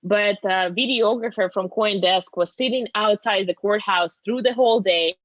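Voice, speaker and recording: A woman's voice: mid-range voice, normal speed, no room sound. Woman, Russian accent, native Russian speaker, chatty storytelling, dull lo-fi call audio, dry sound. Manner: chatty, laughing, frequent fillers. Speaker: guest reporter. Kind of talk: casual interview storytelling.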